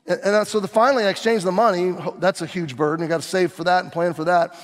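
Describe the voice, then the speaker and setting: A man's voice: sits high, steady tone, fast talker, in a large hall. A male pastor preaching a sermon, telling the story dramatically as if living through it himself. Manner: dramatic storytelling, acting out scenes.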